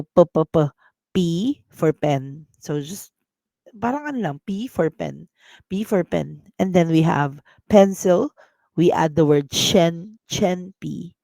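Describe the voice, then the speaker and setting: A woman with a Filipino accent teaching a casual language lesson, drilling words slowly and mixing English with Tagalog. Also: sits low, a little mellow, dry recording. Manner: clears throat often.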